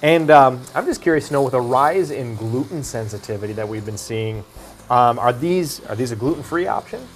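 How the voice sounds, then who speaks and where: A woman's voice: a bass voice, expressive, moderate pace, slight background noise. A woman hosting a casual TV interview in a studio kitchen, chatty and inquisitive, with frequent short acknowledgments. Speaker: TV host.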